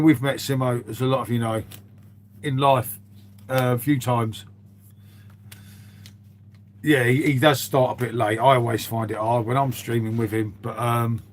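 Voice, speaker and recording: Guy on a live stream, rambly, chatty, calls everyone mate, medium voice, faint hum behind. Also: medium pitch. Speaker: livestream host. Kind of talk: casual chat with live viewers.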